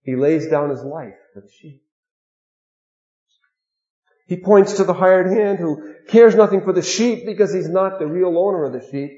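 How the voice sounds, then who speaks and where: A man preaching a sermon, earnest, dropping to a hush and then rising to emphatic stress. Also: on the high side, reverberant, muffled recording. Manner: earnest, with sudden swings between hushed and emphatic.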